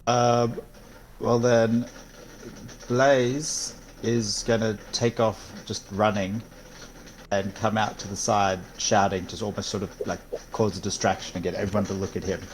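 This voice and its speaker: Low-voiced man playing a tabletop game. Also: flat delivery, measured pace, slight background noise, poor audio. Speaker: player. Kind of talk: tabletop role-play chat.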